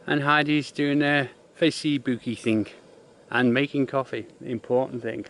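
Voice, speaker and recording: A man's voice: mid-range voice, steady tone, moderate pace, noisy background. A man in his fifties bantering dryly on a mountain hike outdoors. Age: 50s. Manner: dry, jokey asides. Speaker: hiking vlogger's partner.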